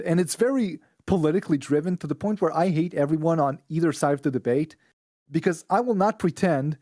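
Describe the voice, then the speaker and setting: A man's voice: fairly high pitch, a little mellow, dry recording, studio quality. A man from Israel, a podcast guest, ranting bluntly and with plenty of swearing in casual chat.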